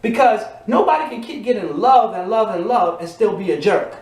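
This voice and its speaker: A man's voice: high-pitched, normal speed. Preaching man in an echoey room. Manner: rising to emphatic shouts, repeating refrains. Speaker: motivational preacher. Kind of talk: motivational sermon.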